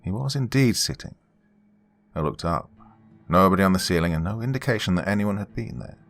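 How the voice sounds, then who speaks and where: A man narrating a first-person horror story in a measured, hushed storytelling manner. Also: sits low, lively intonation.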